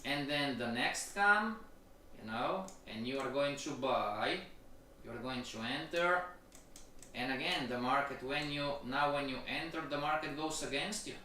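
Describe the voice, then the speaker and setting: A man teaching a trading course on a live-stream lecture, keeps checking in with the audience, slow and repetitive. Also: medium pitch, sharp tone, a little hiss or hum. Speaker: trading instructor. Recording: very echoey room, voice from far off.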